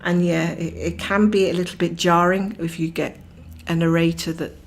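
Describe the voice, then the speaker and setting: A woman's voice: lowish voice, little pitch movement, moderate pace, slight background noise. A woman hosting a cross-stitch livestream, chatting casually and rambling while she greets viewers by name and laughs often.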